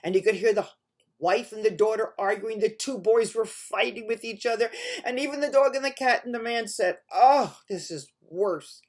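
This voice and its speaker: A woman telling a folk tale to children, expressive and lively, imitating animal noises. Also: fairly high pitch, fairly quick. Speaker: storyteller.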